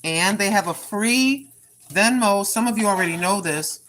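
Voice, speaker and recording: A woman's voice: mid-range voice, moderate pace, fairly bright tone, a little hiss or hum. An older woman chatting through a cooking live stream in her home kitchen, rambling and repeating herself in a folksy way. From Oregon, US.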